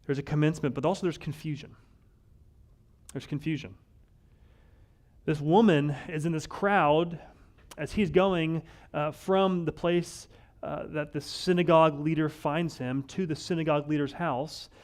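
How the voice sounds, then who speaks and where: A man's voice: a little high, steady tone, normal speed. Man preaching a wry, conversational sermon. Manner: conversational, wry, acts out quoted voices. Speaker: pastor.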